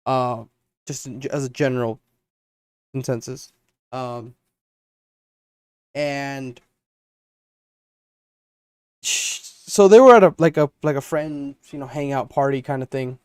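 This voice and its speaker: A man's voice: mid-range voice, slow, pauses often, clean tone, no room sound, studio quality. Rambling young man telling a story. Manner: rambling, acts out friends' lines in quotes. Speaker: podcast co-host. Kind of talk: casual storytelling chat.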